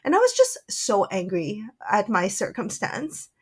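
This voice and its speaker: A woman who works as a spiritual channeler, telling a personal story in a soft, earnest way with frequent "like" fillers. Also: medium pitch, wildly swooping pitch, a little slow, breathy edge.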